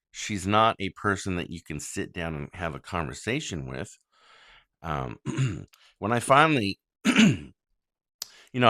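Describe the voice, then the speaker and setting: A man talking straight to his listeners as a worried, angry father, blunt and full of ums. His voice sits very low but swings widely in pitch. The sound is dry and close. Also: a bit bright, no echo. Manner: frank, blunt, frequent ums and swearing; indignant, complaining. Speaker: father making a public plea. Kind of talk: monologue to listeners.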